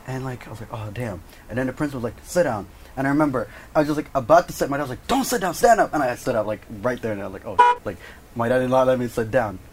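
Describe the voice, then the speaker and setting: A man's voice: mid-range voice, racing, husky. A man cohosting a podcast, telling a story in casual chat, acting out quotes and swearing freely.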